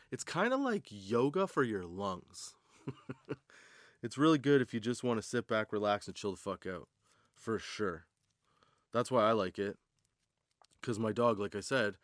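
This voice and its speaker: A man's voice: lowish voice, expressive, unhurried, pauses often, no room sound, studio quality. Rambling, profane man hosting a podcast. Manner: casual, profane, rambling stoner banter. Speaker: podcast host. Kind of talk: comedic stand-up style monologue.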